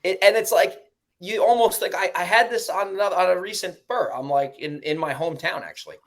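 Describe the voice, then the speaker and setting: A man with a New York accent talking casually in a podcast conversation about his investing, profane and animated, mimicking other people in high mocking voices. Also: fairly quick. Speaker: real estate investor guest.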